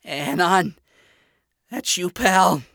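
A man's voice: measured pace, no room sound, clean studio sound, heavily acted. A man doing a sassy flamboyant spider demon. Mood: pained. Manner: sassy, theatrical, high and loud. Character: flamboyant male spider demon, battered but showy.

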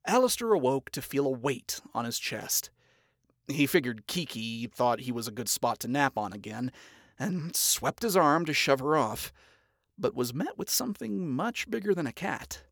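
A narrator reading fan fiction aloud in an expressive, storytelling manner. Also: medium pitch, moderate pace, no echo, studio quality.

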